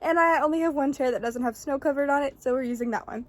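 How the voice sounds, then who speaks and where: A young woman in her twenties talking fast and chatty in a casual unboxing vlog, out of breath from the cold while outdoors in the snow. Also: high-pitched. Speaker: vlogger.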